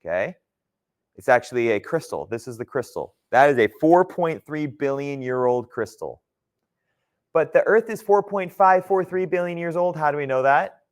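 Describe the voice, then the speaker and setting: A man's voice: fairly high pitch, lively intonation, normal speed. A man teaching a geology class in a conversational lecture style, often checking in with his students. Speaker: geology instructor.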